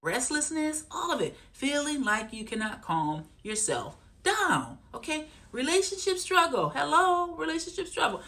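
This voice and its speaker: Casting note: woman therapist, high voice with lively swings, repetitive teaching delivery that keeps checking in. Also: normal speed, hardly any pauses. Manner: animated, repeats points, keeps checking in with listeners. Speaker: trauma therapist and coach. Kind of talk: teaching talk to camera.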